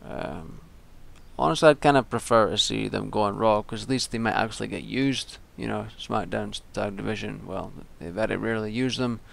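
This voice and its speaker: A man's voice: lowish voice, normal speed, vocal fry, fairly bright tone. A young man giving casual, rambling solo commentary, with frequent ums and restarts. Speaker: wrestling vlogger.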